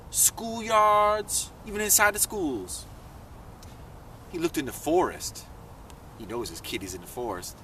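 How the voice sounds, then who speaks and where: A man spins a kids' adventure tale with a lively, up-and-down delivery and a bright tone. He sounds a little distant from the mic, with faint vehicle noise in the background. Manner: lively, swoops high in pitch for excited questions. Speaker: storyteller. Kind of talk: animated children's story narration.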